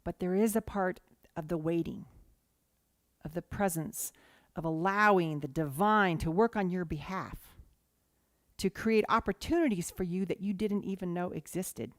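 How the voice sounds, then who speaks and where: A woman giving a sermon as a guest speaker, telling stories in an animated way. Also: lowish voice, normal speed, no room sound, studio quality. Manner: animated storytelling.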